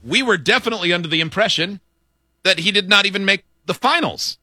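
A man's voice: sits high, lively intonation, quick pace, very noisy. A man hosting a casual morning radio show, reading news items aloud and joking with his co-hosts. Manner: reads news aloud with jokes and laughter.

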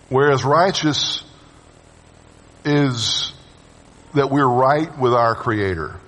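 A man preaching a sermon to his congregation. His voice swings from loud urging to hushed, low phrases, and he calls on the listeners to answer him. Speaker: pastor. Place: church sanctuary with long reverb. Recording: reverberant church hall sound.

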